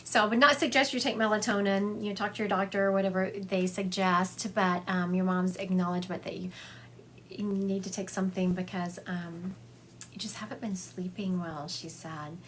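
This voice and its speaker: A woman's voice: medium pitch, steady tone, moderate pace, slight background noise. A woman, a psychic medium giving readings to viewers on a livestream from her home, chatty and affectionate, calling people honey and laughing often. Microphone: phone livestream.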